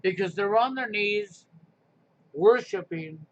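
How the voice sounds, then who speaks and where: Sarcastic high-voiced man ranting on stream. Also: expressive, slow, vocal fry, fairly bright tone. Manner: combative, sarcastic, preachy. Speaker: live stream host. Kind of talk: ranting live stream monologue. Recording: muffled lo-fi stream audio with faint noise.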